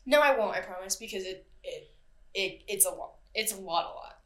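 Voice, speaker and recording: A woman's voice: mid-range voice, animated, fairly quick, fairly bright tone. A young woman co-hosting a true-crime podcast, chatting casually, swearing freely and laughing at herself. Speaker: podcast co-host. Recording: roomy echo.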